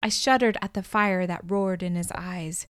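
A woman narrating a first-person audiobook in a measured, calm, deliberate way, recorded on a close studio mic. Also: lowish voice, no room sound.

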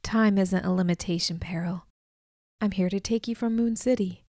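A woman voicing a calm, loving male divine figure who speaks softly, with gentle authority. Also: normal speed, no room sound, studio quality, lightly acted. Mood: gentle, authoritative. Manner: soft, low and hushed.

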